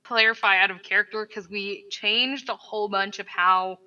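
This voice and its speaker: A woman's voice: medium pitch, steady tone, normal speed, bright, forceful tone, clear, resonant tone. A woman playing a tabletop game, talking casually and hesitantly with lots of fillers. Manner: hesitant, lots of likes and ums. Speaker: player. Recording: dull distant mic.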